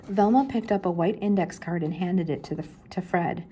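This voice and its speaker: Soft-toned grandmother reading a storybook. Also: moderate pace, a little hiss or hum. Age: older. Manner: lifts her pitch for the characters' lines. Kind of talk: children's book read-aloud.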